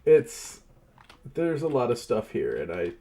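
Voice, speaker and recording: A man's voice: mid-range voice, huge pitch swings, measured pace, creaky, mellow. A man acting as game master in casual chat, matter-of-fact and slightly flustered.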